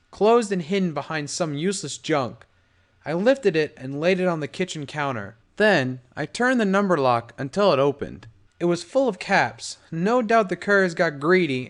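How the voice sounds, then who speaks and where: A man narrating a fan audiobook in an expressive storytelling read. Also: on the high side.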